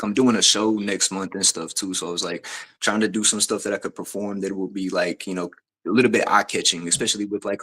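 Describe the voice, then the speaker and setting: A man, a guest artist, talking about his song in a relaxed, rambling way. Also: deep voice. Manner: relaxed, rambling with many fillers. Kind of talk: casual chat.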